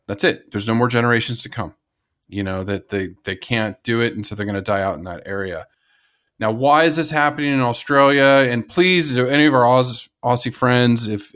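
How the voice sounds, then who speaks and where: A man's voice: medium pitch, a bit bright. A man with an American accent co-hosting a casual conservation podcast, talking enthusiastically and rambling, with many restarts and laughs. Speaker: podcast co-host.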